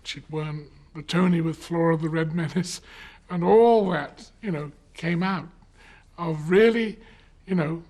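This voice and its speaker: A husky man with a slightly raised voice reflects on a colleague in an interview. He hesitates often and circles back over his words before finishing a thought. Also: on the high side, measured pace, a little mellow. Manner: hesitant, many fillers and restarts. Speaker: interview guest.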